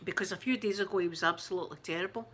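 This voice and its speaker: A woman's voice: lowish voice, fairly bright tone, slight background noise. A Scottish woman hosting her channel, chatting casually to viewers, shaken and close to tears, stumbling and restarting as she talks. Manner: halting, shaken, many restarts and fillers. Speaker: ASMR channel host. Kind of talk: casual live chat.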